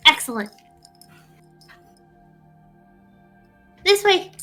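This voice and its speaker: A woman voicing a squeaky panicky mushroom. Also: big pitch swings, fairly quick, music in the background. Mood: timid. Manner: frantic, repeats himself in a rush. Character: panicky tiny male shrieker mushroom familiar. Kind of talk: game master voicing a character.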